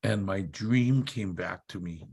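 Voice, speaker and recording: At a seminar, a man tells a motivational story with dramatic delivery, emphatic repetitive build-ups, and acted-out shouted quotes. He speaks slowly in a low voice with a breathy edge.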